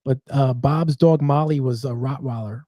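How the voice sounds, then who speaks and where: A man's voice: medium pitch, normal speed, dark tone, dry recording, studio quality. A man hosting a casual chat, reading viewer comments aloud and adding short reactions. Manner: reads comments out, then adds short reactions.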